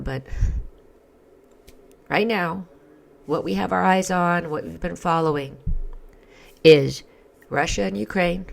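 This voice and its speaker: A hoarse woman giving casual religious commentary in a halting way, with many fillers and restarts. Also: low-pitched. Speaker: Orthodox Christian commentary vlogger.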